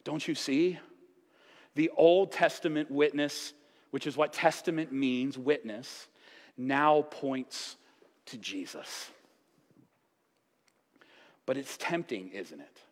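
Animated male preacher in a reverberant church. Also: mid-range voice, takes it slowly, pauses often. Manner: lively preaching with playful asides and acted-out quotes. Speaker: pastor. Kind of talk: sermon. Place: church sanctuary.

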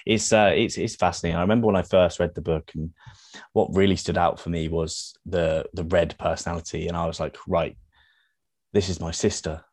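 Deep-voiced male podcast host. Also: little pitch movement, brisk, creaky, darkish tone, no echo. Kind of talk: interview conversation.

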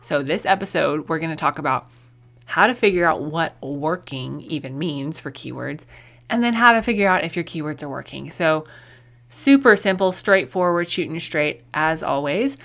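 A woman's voice: low voice, animated, moderate pace, creaky, a bit bright. A young adult woman hosting her own podcast, talking in a chatty, upbeat, conversational way. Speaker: podcast host. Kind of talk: casual solo podcast talk.

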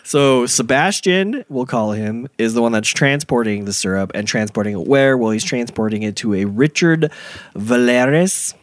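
A man's voice: mid-range voice, expressive, normal speed, no echo. A man hosting a casual podcast chat, telling a crime story with lots of laughs and fillers. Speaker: podcast host.

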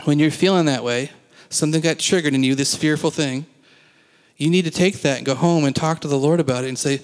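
A brisk male pastor with a higher-pitched voice preaches to his congregation, chatting with them and asking questions. The setting is a church sanctuary, recorded with a church hall's long reverb.

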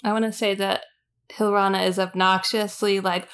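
A woman's voice: mid-range voice, flat delivery, normal speed, fairly bright tone, clean tone. A woman player in a tabletop game, chatty and giggly as she describes her character's actions. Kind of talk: casual tabletop play.

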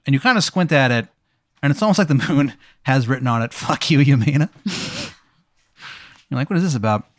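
Rambling deadpan man spinning a tale. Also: mid-range voice, fairly quick, long pauses, no room sound, clean studio sound. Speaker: host telling an improvised story. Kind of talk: casual improvised storytelling.

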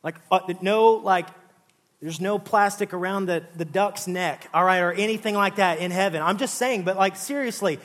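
A pastor preaching a sermon in a conversational, joking way, often saying "listen" and "all right". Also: male voice, sits high, moderate pace, fairly bright tone.

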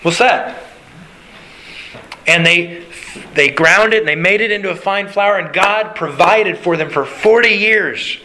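A man's voice: high-pitched, normal speed, sharp tone, low-quality recording. A man preaching a sermon. He asks his listeners questions, answers them himself, and guides them through the Bible passage.

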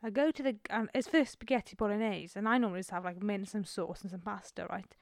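A woman's voice: medium pitch, fairly even intonation, quick pace, dry recording, studio quality. A woman in her twenties co-hosting a podcast, telling a rambling, self-mocking story in casual chat at home. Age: 20s. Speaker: podcast co-host. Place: home room with door open, traffic outside.

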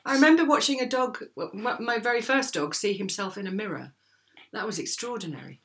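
A woman co-hosting a casual podcast as the witch, relaxed and dry-humoured, laughing often over a video call. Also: medium pitch, fairly quick.

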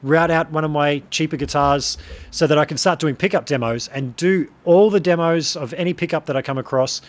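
Slightly high-voiced man telling stories. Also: brisk. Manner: relaxed storyteller, tells anecdotes. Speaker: podcast host and guitar demo maker. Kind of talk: casual podcast chat.

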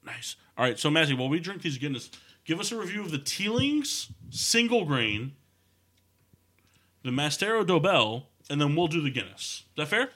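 A man hosting a casual podcast chat with a bright, sharp voice that swings widely in pitch. He is crude and joking and keeps steering the conversation. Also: big pitch swings, moderate pace. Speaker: podcast host. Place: studio.

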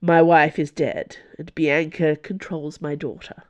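Smooth-talking captive lord, quiet and measured, slightly low pitch - woman narrator doing him. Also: highs cut off. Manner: measured, calm, wistful. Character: male noble prisoner, scheming, silver-tongued.

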